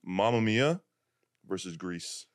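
A man's voice: sits low, animated, takes it slowly, dry recording, clean studio sound. A man hosting a podcast in a casual, rambling way with lots of fillers. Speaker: podcast host. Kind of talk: casual chat.

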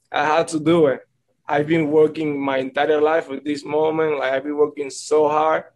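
Earnest young ballplayer rambling. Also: male voice, a little high, a little mellow, low-quality recording. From Dominican Republic. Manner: earnest, rambling, repeats "and then". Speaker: baseball player. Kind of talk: press conference answers.

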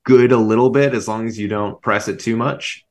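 A man with a low voice, talking football coaching in relaxed podcast conversation. He fills his speech with "like" and keeps an easygoing tone. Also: moderate pace. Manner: relaxed, heavy use of "like". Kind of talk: casual podcast chat.

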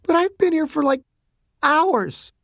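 A man's voice: extremely high pitch, lively intonation, measured pace, no room sound, studio quality, voice pushed up. A man voicing a terrified, furious infected teenage girl who screams, sobs and curses. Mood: panicked, hysterical. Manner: screaming, sobbing, cursing.

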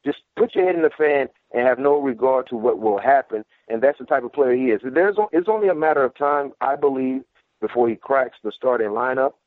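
A man's voice: medium pitch, fairly quick, dry recording. A man, a former football player, giving casual sports analysis over the phone and acting out trash talk with energy. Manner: animated, mimics trash talk. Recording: tinny phone line.

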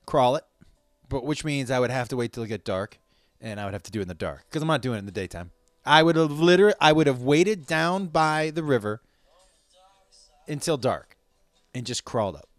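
A man's voice: medium pitch, expressive, fairly quick, pauses often, dry recording, clean studio sound, faint music behind. Rambling, profane man telling a story. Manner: rambling and profane, with loud outbursts. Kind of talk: casual storytelling.

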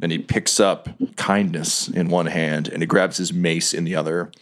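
A man's voice: deep voice, flat delivery, normal speed. A man narrating as game master of a tabletop game, describing scenes and often laughing.

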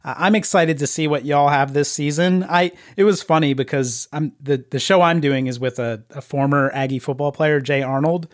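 A chatty man hosts a relaxed podcast interview, laughing easily between questions. His voice sits a little high for a man. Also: moderate pace, few pauses. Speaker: podcast host. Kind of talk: casual interview.

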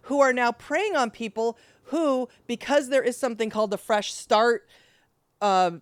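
Smooth-voiced woman podcast co-host. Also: a little high, dry recording, clean studio sound. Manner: emphatic, swearing, quick asides. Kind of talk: casual chat.

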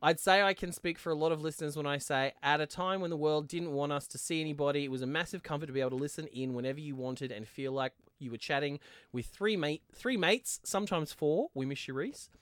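Casual podcast co-host, man, slightly high voice, dry close sound, jokey and quick to laugh. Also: a bit bright, clear, resonant tone, no echo. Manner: jokey, laughs often, trails off into tangents. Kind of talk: casual podcast banter, reading listener mail.

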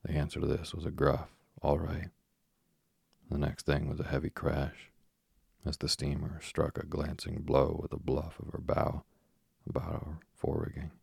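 Very deep gravelly male narrator. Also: no echo, clean studio sound. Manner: soft, even, unhurried delivery. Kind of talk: slow sleep-story reading.

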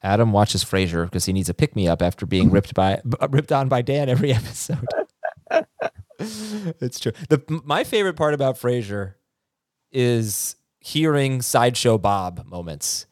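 A man hosting a podcast, reading listener questions in a relaxed, teasing way with plenty of fillers. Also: mid-range voice, normal speed, no room sound, studio quality. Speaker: podcast host. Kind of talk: casual chat.

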